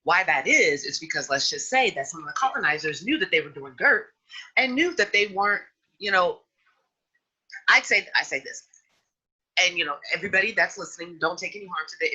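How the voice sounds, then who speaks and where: A woman hosting a podcast in casual chat, outspoken and frank, with an animated delivery. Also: lowish voice, husky, poor audio. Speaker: podcast host.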